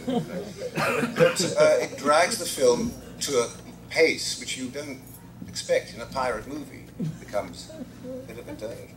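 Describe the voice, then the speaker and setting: A man's voice: on the high side, sing-song, measured pace, a crowd in the background. An English man on a convention panel, telling anecdotes in a reflective, wry, self-deprecating way.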